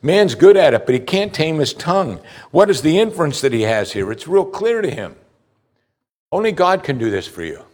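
A man preaching a sermon, rising loud on high points and dropping low and slow for scripture, asking listeners direct questions. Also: very animated. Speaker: pastor.

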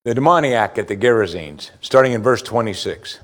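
A man's voice: animated, brisk. Preaching man, emphatic and rising. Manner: emphatic preaching, rising for scripture quotes, dropping low for asides. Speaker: pastor. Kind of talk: sermon.

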